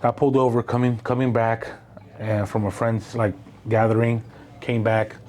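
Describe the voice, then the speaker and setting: A man's voice: mid-range voice, level tone, normal speed, a little mellow. A man tells stories in loose, rambling talk, swearing and dropping Spanish words. A faint hum of room noise sits behind him. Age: 40s. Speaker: guest. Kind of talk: casual conversational storytelling.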